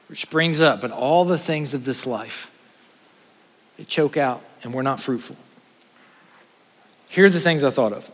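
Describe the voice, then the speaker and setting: A man, a pastor preaching an earnest sermon to his congregation, trading quick asides for slow, stressed points. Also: fairly high pitch, a bit bright, long reverb tail. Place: church sanctuary.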